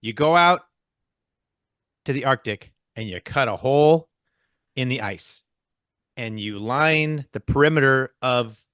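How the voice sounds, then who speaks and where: A man's voice: medium pitch, a little slow, fairly bright tone, no echo, clean studio sound. A man co-hosting a podcast in casual chat, with a playful, bantering manner. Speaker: podcast co-host.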